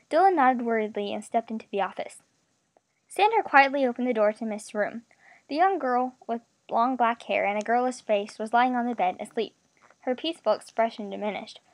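Woman reading a story aloud, highish voice, dry, steady and expressive. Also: normal speed, dry recording. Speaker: narrator.

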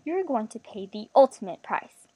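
A menacing male villain from a storybook, cool and cruel, voiced by a woman reading aloud. His voice is thin, low-keyed and sickeningly gentle. It sits somewhat high and sounds dry and close. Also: big pitch swings, moderate pace, breathy edge, no room sound. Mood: sinister.

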